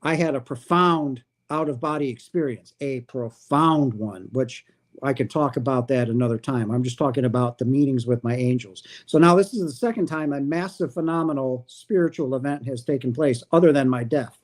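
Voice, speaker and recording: A man hosting his own livestream, telling a personal spiritual story in a casual, animated way and acting out what people said. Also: mid-range voice, fairly quick. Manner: animated, acts out quoted dialogue. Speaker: livestream host.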